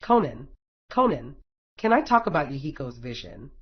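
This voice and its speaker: A brash young woman ninja who swears bluntly and teases her partner, as a male reader puts her on. The voice sits fairly high. The audio is dull and lo-fi. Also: sing-song, normal speed, slightly rough. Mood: eager. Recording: dull lo-fi recording.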